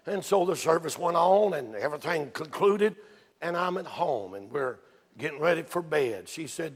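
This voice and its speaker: Male preacher, folksy storyteller, bright and husky, long church reverb. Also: a little high, moderate pace. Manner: folksy storytelling, rising to excited shouts. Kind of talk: sermon. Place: church sanctuary.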